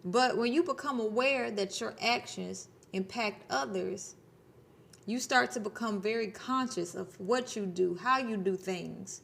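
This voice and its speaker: A woman's voice: medium pitch, a little slow, creaky, fairly bright tone. A woman in her thirties talking casually to her viewers, blunt and preachy, swearing freely. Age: 30s. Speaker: spiritual channel host. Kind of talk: casual spiritual talk to camera.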